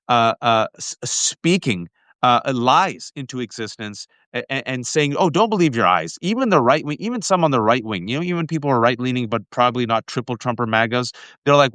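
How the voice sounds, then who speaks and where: Impassioned male political show host, mid-pitched, dry close mic. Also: a bit bright, clean tone, dry recording. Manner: impassioned, fast bursts, addresses viewers as folks. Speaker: podcast host.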